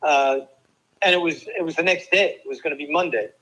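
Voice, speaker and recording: Older jersey guy spinning tennis stories, slightly high voice, lots of restarts. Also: poor audio. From New Jersey. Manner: lively anecdotal storyteller, quick asides and restarts. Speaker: guest, former tennis player. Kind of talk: casual storytelling interview.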